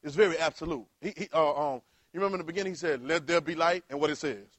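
Male preacher, somewhat high voice, call-and-response sermon, close dry sound. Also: rapid-fire, dry recording. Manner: call-and-response preaching, rising to loud exhortation.

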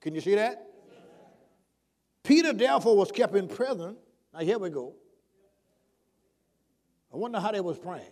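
A man's voice: high voice, lively intonation, moderate pace, long pauses, a little mellow. A male preacher delivering a sermon, prodding the congregation with call-and-response questions.

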